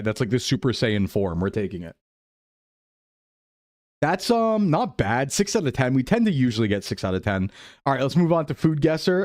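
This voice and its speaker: A man's voice: medium pitch, darkish tone, dry recording, studio quality. A man streaming casually, thinking aloud and joking with his chat as he plays a guessing game. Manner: playful, jokey, thinking aloud. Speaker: VTuber streamer.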